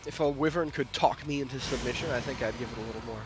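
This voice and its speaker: A man's voice: mid-range voice, fast, music in the background. A man chatting casually on a stream with a friend, wry, laid-back and profane. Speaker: co-host friend. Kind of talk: casual livestream chat.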